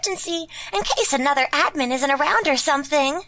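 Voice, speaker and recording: A woman voicing a pompous male wiki creator in a high, squeaky put-on voice. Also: animated, quick pace, pushed and bright, a little hiss or hum, heavily acted. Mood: self-important.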